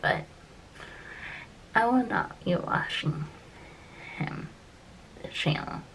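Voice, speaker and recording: A woman talking in a casual vlog, upset and close to tears, halting and repeating herself and often dropping into soft whispers. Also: a little high, expressive, vocal fry, a little hiss or hum, low-quality recording. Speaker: vlogger.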